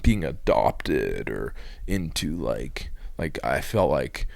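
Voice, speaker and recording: A man sharing an emotional personal testimony, telling his story in a halting, rambling way with many fillers and restarts. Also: very deep voice, sing-song, gravelly, no room sound. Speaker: guest giving a personal testimony.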